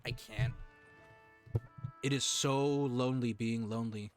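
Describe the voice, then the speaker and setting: A man streaming live, talking earnestly and emotionally to his chat, with halting restarts. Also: medium pitch, fairly even intonation, soft background music.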